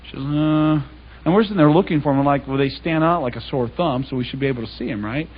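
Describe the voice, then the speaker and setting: Speaking fast in a slightly high voice, a man tells stories in a conversational style during a public Bible talk, acting out other people's lines. It's an anecdotal sermon on a dull lo-fi recording, with slight background noise.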